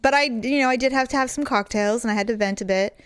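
A middle-aged woman co-hosting a show, telling stories in casual chat, candid and animated with blunt swearing. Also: fairly high pitch, quick pace, clean tone. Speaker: podcast co-host.

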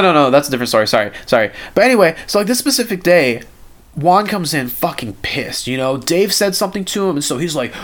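A young man co-hosting a podcast, rambling through a work story in casual chat and swearing often. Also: on the high side. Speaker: podcast co-host.

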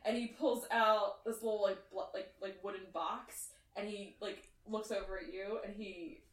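A woman's voice: medium pitch, steady tone, normal speed, a bit bright, reverberant, distant mic, poor audio. A woman narrating as game master of a tabletop game, rambling with many fillers.

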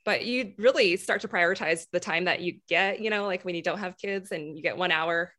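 Casting: woman, bright tone, candid guest, laughs easily. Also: on the low side, fairly quick. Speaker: podcast guest. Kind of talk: casual chat.

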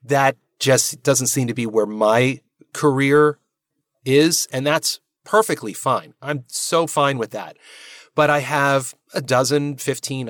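A man's voice: medium pitch, fairly bright tone, dry recording. American guy, voice actor, casual chat, jokey and self-deprecating, dry close mic. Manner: candid, self-deprecating, quick asides. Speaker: voice actor guest.

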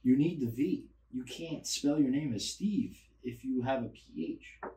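A man's voice: medium pitch, unhurried, warm tone. A man co-hosting a podcast in casual chat, playful and teasing. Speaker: podcast co-host. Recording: echoey room, mic a bit distant, faint noise.

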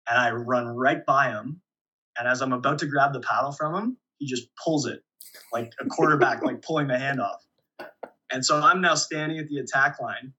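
A young man talks through his playing days in a relaxed interview, chuckling as he goes. His voice is bright and a little husky. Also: medium pitch, normal speed, muffled recording. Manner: relaxed storyteller, many restarts and chuckles. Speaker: volleyball player guest. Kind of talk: casual interview storytelling.

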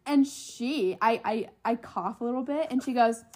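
A woman's voice: a little high, normal speed, warm tone. A young woman co-hosting a podcast, telling a funny story in casual chat and laughing often. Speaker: podcast co-host.

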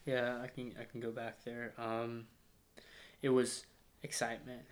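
A man's voice: mid-range voice, completely flat delivery. A man in his thirties from Arkansas with a slight Arkansas accent, recounting his childhood grief in an interview, close to tears and dropping to near-whispers. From Northwest Arkansas, US. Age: 30s. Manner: reflective, slows and softens into near-whispers when emotional. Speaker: guest. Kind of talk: emotional personal interview.

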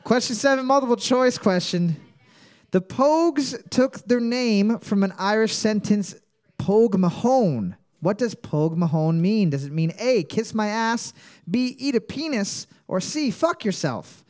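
A man's voice: sits high, expressive, measured pace, a little mellow. A man hosting a comedic trivia quiz, playfully reading each question twice with exaggerated emphasis. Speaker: quiz host.

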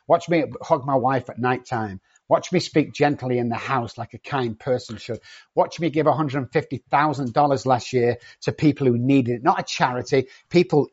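A cocky, loud-mouthed man who swears freely and doesn't soften anything. His voice is husky, and the recording is a little dull and lo-fi. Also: medium pitch. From not from England. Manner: profane, cocky and confrontational. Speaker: addiction treatment company owner. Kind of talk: blunt podcast conversation.

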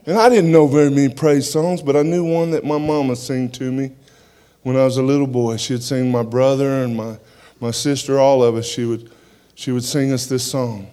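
A man giving a church testimony, telling his story in an animated way and punctuating it with "amen" as he speaks. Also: medium pitch, normal speed, clean tone.

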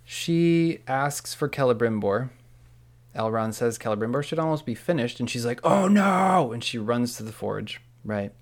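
A man's voice: medium pitch, moderate pace. A man co-hosting a podcast, enthusiastically retelling scenes and quoting lines in casual chat. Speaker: podcast co-host. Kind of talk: casual recap discussion.

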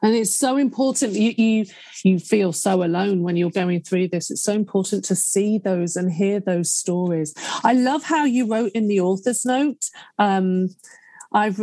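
A woman's voice: mid-range voice, dark tone, no echo. A woman hosting a podcast, effusive and openly emotional in casual conversation with her guest. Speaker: podcast host.

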